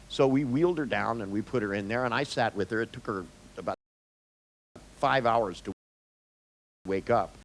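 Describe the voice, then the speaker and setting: A man who works as a therapist, telling a story in an animated way, acting out the scenes and often breaking off and restarting words. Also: medium pitch, rough recording. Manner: halting, with frequent restarts. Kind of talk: storytelling talk.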